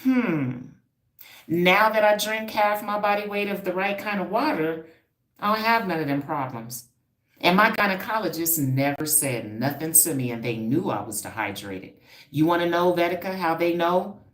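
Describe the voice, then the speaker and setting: Low-voiced, emphatic woman on a livestream. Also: lively intonation, normal speed, echoey room. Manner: emphatic, preachy, repeats herself, talks straight to the audience. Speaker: livestream host, hair stylist and wellness coach. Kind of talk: casual livestream talk to viewers.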